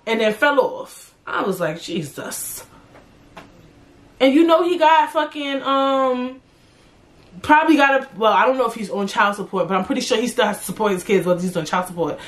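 A woman's voice: on the high side, a little fast. Blunt, profane young woman ranting. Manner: blunt, profane, animated and opinionated. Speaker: podcast host. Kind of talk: casual solo podcast rant.

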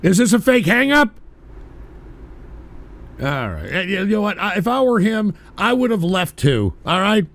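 A man's voice: high voice, very animated, unhurried, gravelly, long pauses, a bit bright. A man hosting a call-in radio show, ranting brashly, swearing and repeating himself as he takes calls. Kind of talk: profane call-in radio rant.

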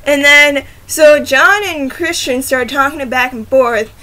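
Unhurried, bright and forceful, a high-voiced vlogger chats casually to her laptop, recorded on its camera microphone. She rambles, giggles and often starts sentences over to apologize.

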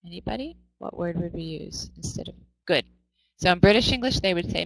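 A woman's voice: fairly low pitch, lively intonation, moderate pace, gravelly, fairly bright tone, no echo, low-quality recording. An American woman teaching English in a live online class, upbeat and coaxing, often asking her students questions.

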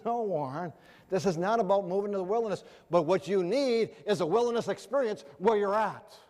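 A middle-aged man preaching to a gathered audience, his voice sitting a little high for a man. He tells his story with animation and acts out each person in it. The sound rings with the long reverb of a large hall. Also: a little mellow. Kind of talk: storytelling sermon.

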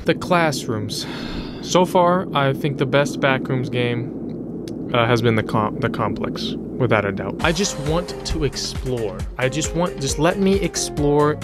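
A young man commenting on a horror game as he plays, joking, swearing and laughing often. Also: on the high side. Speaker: gaming YouTuber. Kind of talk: let's-play commentary.

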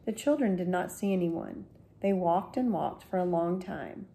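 Woman, librarian, children's book read-aloud, slow gentle storytelling, warm mellow voice. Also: on the low side, lively intonation. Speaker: school librarian.

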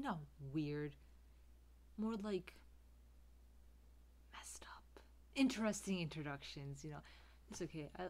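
A woman doing a frazzled teacher calling the roll, speaking slowly in a slightly low voice. She mutters tired asides under her breath in a comedy sketch. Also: a little mellow. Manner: weary, muttering whispered asides to herself. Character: flustered woman teacher on the first day.

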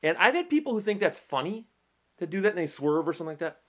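Male host, middle-aged, pitched a bit high; chatty storyteller who stumbles over repeated words. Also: fast. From Michigan, USA. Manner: animated storyteller, frequent repeats and restarts. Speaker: legal commentary host. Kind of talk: casual explainer talk.

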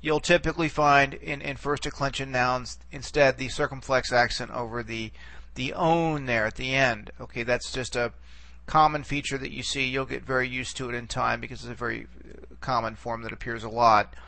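A man's voice: medium pitch, steady tone, moderate pace, vocal fry, pushed and bright, no echo. A man teaching a recorded lesson, explaining patiently and checking in often with "okay". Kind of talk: recorded lecture.

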